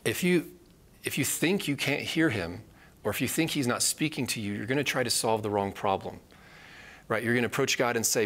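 A man's voice: mid-range voice, a little fast, fairly bright tone. A man teaching a live Bible study, earnest and repeating key phrases for emphasis.

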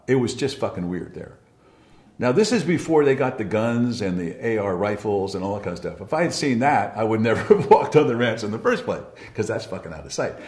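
A man's voice: mid-range voice, darkish tone. An older man telling a story from his past in a blunt, profane way, often restarting his sentences. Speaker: interviewee recalling past. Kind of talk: candid storytelling. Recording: roomy echo.

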